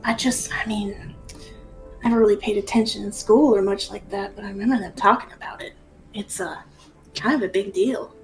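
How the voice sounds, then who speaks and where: A woman's voice: mid-range voice, fairly quick, soft background music, close to an everyday voice, rough recording. A woman doing a chirpy Southern young woman. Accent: Southern US, put on. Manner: chirpy, exclaiming.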